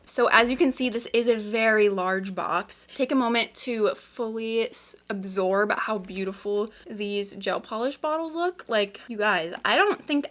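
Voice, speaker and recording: A woman hosting a nail unboxing vlog, gushing and excitable, talking casually with gasps and plenty of "like". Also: on the high side, slight background noise. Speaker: nail vlogger.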